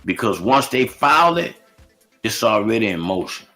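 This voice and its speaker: A man co-hosting a casual talk show, who agrees often and asks halting questions. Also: fairly low pitch, very animated, bright, forceful tone, soft background music.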